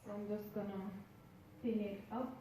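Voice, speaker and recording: A woman vlogger chats her way through a how-to in a mellow, relaxed voice. Her words bounce around a very echoey room, with a faint hum of room ambience behind her. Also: medium pitch, normal speed. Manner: chatty, addresses viewers while working. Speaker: hair vlogger. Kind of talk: casual how-to narration.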